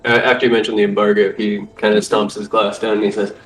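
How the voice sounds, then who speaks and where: Male game master, casual halting narration, heard from a distance in a roomy space. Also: on the low side, little pitch movement. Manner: casual, halting, voices characters.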